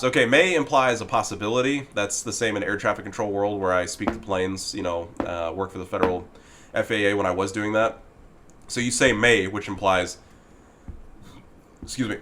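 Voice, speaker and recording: A gaming commentator with a fairly low, slightly bright voice rants in a video about a game's forum moderator, speaking at a moderate pace. He's heated and exasperated, swears often, and talks directly to the moderator he's criticizing.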